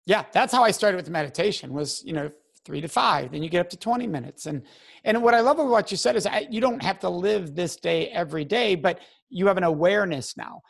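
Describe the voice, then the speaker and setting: A man's voice: high-pitched, lively intonation, quick pace, creaky, a bit bright. A man hosting a casual interview, enthusiastic and conversational. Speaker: podcast host.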